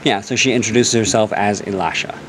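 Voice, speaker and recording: A man's voice: fairly low pitch, fairly quick, noisy background. A man narrating a tabletop game as game master, joking and often restarting his sentences. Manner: animated, joking, self-interrupting.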